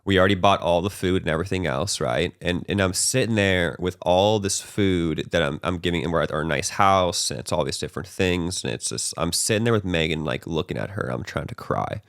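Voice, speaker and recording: A podcast host with a smooth, low-pitched voice talks fairly quickly with few pauses, captured in a dry, studio-quality recording. Telling a personal story, he keeps it loose and conversational, sprinkling in "like" and "bro" and often ending sentences with "right?" He acts out his past panic with animation.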